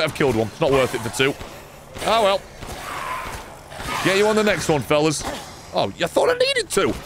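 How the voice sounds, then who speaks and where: Man, streamer, gravelly voice, very animated pitch, casual commentary, swearing. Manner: swears freely, banters with chat.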